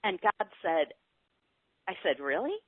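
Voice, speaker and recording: A middle-aged woman telling her spiritual story in a casual interview, animated and earnest. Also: moderate pace, no echo. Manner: animated, earnest storytelling with lively pitch swings. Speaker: spiritual guide guest. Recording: tinny phone-like call audio, dry.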